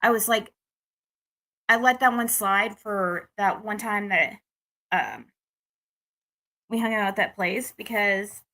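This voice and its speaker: A woman's voice: mid-range voice, takes it slowly, pauses often, bright, forceful tone. A young adult woman from the United States telling a rambling personal dating story to her viewers, with restarts and frustrated venting. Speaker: vlogger. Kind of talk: casual personal story to camera.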